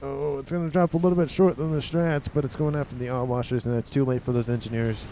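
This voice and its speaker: Excitable male game commentator, mid pitch. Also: slight background noise. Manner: excitable, quick reactions, often exclaims "oh". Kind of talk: casual replay commentary.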